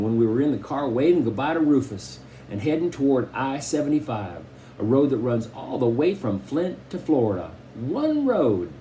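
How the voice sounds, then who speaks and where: A man narrating a children's novel as an audiobook reader, storytelling expressively. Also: slight background noise. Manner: expressive storytelling with shifting pitch. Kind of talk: scripted narration.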